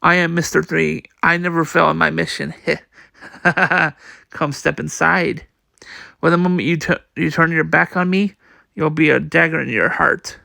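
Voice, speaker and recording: A man's voice: fairly high pitch, steady tone, unhurried, creaky, pushed and bright, no echo, clean studio sound, exaggerated voice. A man voicing a smug, scheming villain in a manga read-aloud, gloating and boastful.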